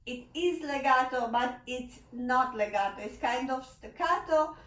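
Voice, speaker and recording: A woman teaching a piano lesson in non-native phrasing, laughing often and pleading with students to stay relaxed, with a piano in the room. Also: sits high, measured pace. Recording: echoey room, mic at a distance. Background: piano playing.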